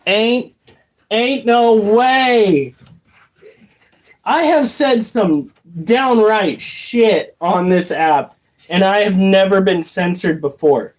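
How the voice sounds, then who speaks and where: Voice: medium pitch, takes it slowly. A livestreamer chatting casually while reading chat, swearing a lot and sounding incredulous. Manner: profane, incredulous, rambling.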